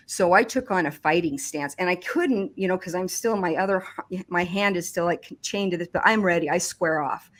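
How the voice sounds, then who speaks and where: A woman recounting a personal experience in conversation, speaking haltingly with frequent restarts and fillers. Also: fairly low pitch, fairly bright tone. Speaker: survivor giving testimony.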